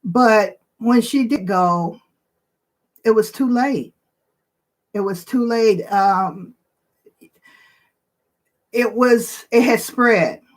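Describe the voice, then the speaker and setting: A woman in her sixties hosting her own channel, chatting casually and emotionally to viewers with many pauses and fillers. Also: a little high. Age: 60s. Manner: slow, emotional, tearful at times, with pauses and fillers. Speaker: channel host.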